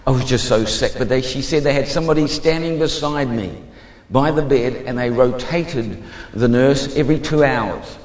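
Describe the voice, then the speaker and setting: A man giving a fervent testimony sermon as a preacher, moving between hushed and emphatic speech. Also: mid-range voice, moderate pace, echoey room, big-room sound.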